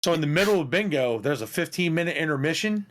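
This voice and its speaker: A man co-hosting a podcast who tells stories in a casual, animated way, swearing and laughing as he goes. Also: fairly high pitch, fast. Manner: animated, profane, laughs through his stories. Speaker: podcast co-host. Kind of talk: casual storytelling chat.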